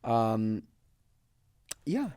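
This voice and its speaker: A man's voice: mid-range voice, sing-song, extremely slow, mellow, smooth, no room sound, clean studio sound. Sassy young man chatting casually. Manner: laid-back, sassy, full of "like" and "um". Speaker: podcast guest. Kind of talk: casual chat.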